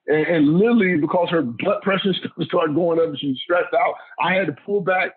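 A man's voice: a little high, a little fast, few pauses, slightly rough. A middle-aged man, a former football player, telling a family story in an interview, emphatic and repeating himself. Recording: tinny phone-like audio.

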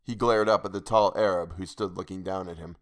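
A man narrating a pulp adventure story in a steady, dramatic reading. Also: sits low, fairly quick. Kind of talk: audiobook narration of pulp fiction.

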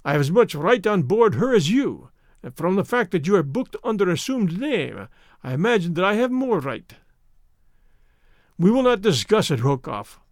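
A man reading the part of a calm, stern gentleman hero, speaking in a measured way. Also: high voice, dry recording, studio quality.

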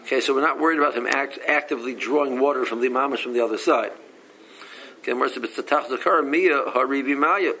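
A man leads a casual Talmud class. His voice has a gravelly edge, and he reads each line before explaining it plainly, often stopping to restart a phrase. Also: medium pitch, fairly even intonation, rapid-fire, pushed and bright, poor audio. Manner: reads Aramaic text then explains in English, with frequent restarts. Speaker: Talmud teacher.

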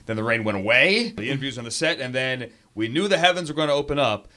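A man in his forties, a sports broadcaster chatting as an interview guest, animated and telling stories with quick restarts. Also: mid-range voice, dry recording. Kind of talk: casual interview chat.

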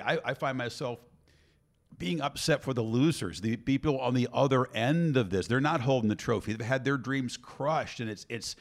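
A man sportscaster talks thoughtfully in a panel discussion. His pitch sits in the middle range.

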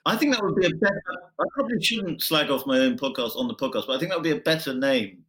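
A man's voice: a little high, expressive, fast, background noise. A British man hosting a podcast, chatting in a casual, teasing and wry way with his guest. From Britain. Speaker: podcast host.

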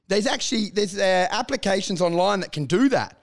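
A man, a comedian co-hosting a podcast, in crude casual banter, swearing constantly and acting out quotes loudly. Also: high voice, brisk. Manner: animated, swears constantly, acts out quotes in raised voice.

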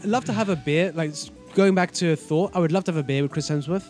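A man's voice: on the high side, fast, darkish tone, soft background music. A man co-hosting a casual podcast chat, blunt and sarcastic, swearing freely. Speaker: podcast co-host.

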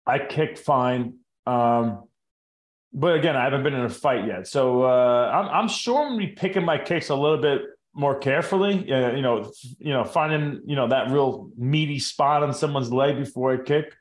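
A man talks as a guest on a casual podcast, relaxed, friendly and reflective. His voice sits in the middle range, and the recording has a roomy echo. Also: medium pitch, normal speed.

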